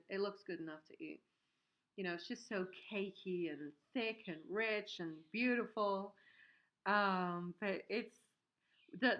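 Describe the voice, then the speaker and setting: This woman's mid-range voice sounds pushed and bright as she livestreams casually from her home workshop. A soap maker, she rambles with many fillers and reads viewers' comments, all captured in dull, lo-fi audio.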